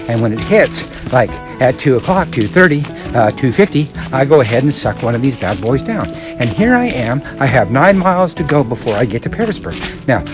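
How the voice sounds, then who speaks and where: A winded man chats into his camera while walking a mountain trail, rambling from one thought to the next. His pitch swings widely as he talks, and background music plays beneath his voice outdoors. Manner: rambling, chatty while hiking. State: out of breath. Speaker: hiker vlogger. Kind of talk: casual walking vlog. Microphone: handheld camera while walking.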